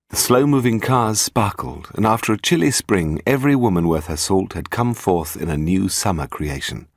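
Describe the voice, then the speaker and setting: Deep voiced guy narrating a mystery novel, lots of up and down in his voice, dry close sound. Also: husky, dry recording. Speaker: audiobook narrator. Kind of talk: scripted narration.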